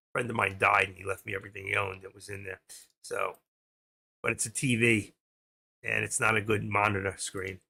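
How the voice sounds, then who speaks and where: A middle-aged man with a gravelly, bright-edged voice runs a casual trading livestream. He rambles quickly through charts and tickers in an easygoing way. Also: lowish voice. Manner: rambling, talks fast while clicking through charts. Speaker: stock trading livestream host. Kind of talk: casual live screen-share commentary.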